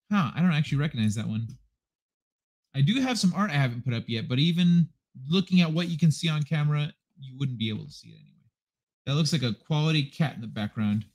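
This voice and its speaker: Sitting at a desk mic in his apartment living room, this male livestream host rambles to viewers in an easygoing way, swearing a lot. His voice is a little high with a darkish tone.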